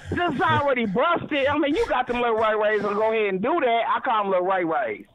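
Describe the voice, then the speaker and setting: A woman's voice: on the high side, animated, fast, dry recording. A woman from Kansas City, Missouri, calling in to a radio show, rambling and stumbling over repeated words. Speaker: caller. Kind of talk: radio call-in chat. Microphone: phone. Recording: tinny phone line, dry.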